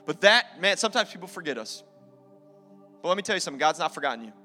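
Recorded during a live sermon in an echoing church hall with faint music, a pastor speaks quickly in a sing-song, sharp voice on the high side. He's emphatic, blending scripture reading with offhand remarks.

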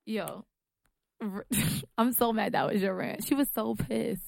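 A woman in a casual group chat, teasing the others with quick remarks. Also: fairly high pitch, vocal fry, a little mellow, no room sound, studio quality.

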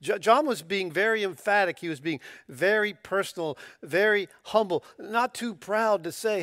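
A man preaching a sermon as a pastor, emphatic and animated, often stumbling over restarts as he builds to a point. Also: sits high, moderate pace, hardly any pauses, no room sound, clean studio sound.

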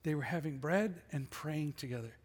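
A man's voice: on the high side, moderate pace, husky, big-room sound. A middle-aged man preaching a sermon as pastor, conversational and full of rhetorical questions. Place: church sanctuary.

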